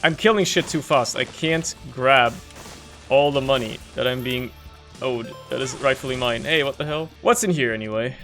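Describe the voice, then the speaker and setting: Bright-voiced man grumbling over gameplay. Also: medium pitch, normal speed, faint music behind. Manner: frustrated, swings from grumbling to shouting. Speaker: gameplay commentator. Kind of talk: casual gameplay commentary.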